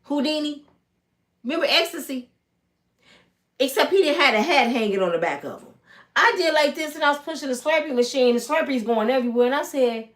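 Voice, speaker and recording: A Michigan woman in her fifties, a storytelling vlogger, speaks in a high-pitched voice at a fairly quick clip. She tells a personal story casually and emphatically, animated throughout and acting out the voices.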